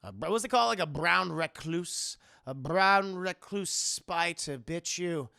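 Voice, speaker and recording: A man voicing a sinister older male recluse who speaks in a low, slow, drawn-out way. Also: lively intonation, vocal fry, bright, forceful tone, smooth, no room sound, clean studio sound, heavily acted.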